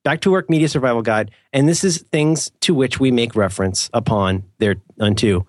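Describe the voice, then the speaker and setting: A man chatting loosely as a podcast co-host, wandering off on tangents and poking fun at himself. He slips into mock-formal phrasing for jokes. The sound is dry and close, at a middling pitch. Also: moderate pace, no echo. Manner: rambling, self-mocking, playful mock-formal asides. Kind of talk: casual chat.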